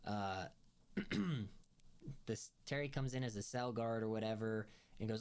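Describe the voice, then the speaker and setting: A man's voice: fairly low pitch, a little slow, long pauses, a little mellow, clean tone. A man hosting a film review podcast, recapping episodes in a rambling, casual way full of fillers and restarts, laughing as he retells scenes.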